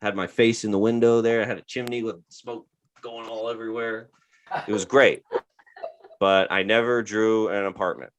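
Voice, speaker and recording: A man's voice: fairly low pitch, fairly even intonation, normal speed, a little hiss or hum. A man of thirty doing a stand-up comedy set, grumbling and exasperated, slipping into mocking voices. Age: 30s. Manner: grumpy, exasperated delivery with mocking character voices. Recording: live show with audience laughter.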